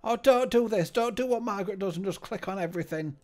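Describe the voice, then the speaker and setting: A man voicing a fussy, bossy sidekick with a high, prim voice. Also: fast talker, darkish tone, soft background music, lightly acted. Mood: prim fussing. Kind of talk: comedic let's-play banter.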